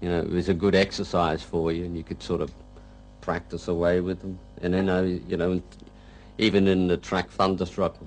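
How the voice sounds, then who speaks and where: A male rock guitarist reminiscing in a casual interview, rambling and halting and saying "you know" again and again. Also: deep voice, flat delivery, darkish tone, slight background noise, poor audio.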